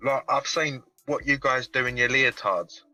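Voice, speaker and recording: A man's voice: mid-range voice, fairly even intonation, normal speed, bright, forceful tone, no room sound, distant mic, soft background music, low-quality recording. A British man calling in over video, bantering cheekily and swearing. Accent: British English. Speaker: caller. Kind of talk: casual chat. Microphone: video call.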